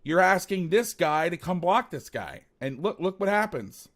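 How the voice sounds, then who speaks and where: A man's voice: high-pitched, very animated, moderate pace. A man hosting a football film breakdown, talking casually and animatedly, swearing, rambling with restarts.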